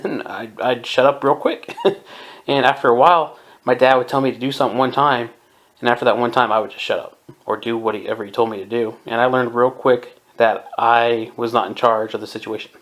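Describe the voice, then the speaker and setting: This podcast host, a man in his twenties from Southern California, delivers a casual monologue of his opinions. His mid-range voice is brisk and fairly bright with fairly even intonation, and he chuckles often and mimics people when quoting them.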